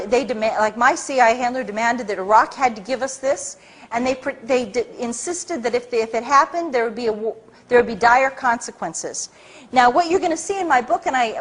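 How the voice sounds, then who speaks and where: A middle-aged woman speaking to an audience, telling a story in an animated way and acting out the people she quotes. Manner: acts out quoted people with big pitch jumps. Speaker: speaker at a public talk.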